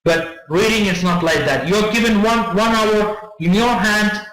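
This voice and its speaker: A man's voice: high voice, unhurried, fairly bright tone, echoey room, rough recording. A man teaching an English test-prep class, explaining tips with frequent repetitions and check-ins to students, recorded in a classroom on a room mic. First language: not English. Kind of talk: classroom lecture.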